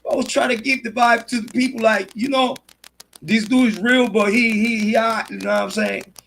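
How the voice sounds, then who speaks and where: A man's voice: sits high, steady tone, normal speed, creaky, a bit bright, a little hiss or hum, rough recording. A man hosting a casual livestream monologue, talking in boastful, swaggering street slang about himself. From Puerto Rico. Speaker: true crime and sports commentary host.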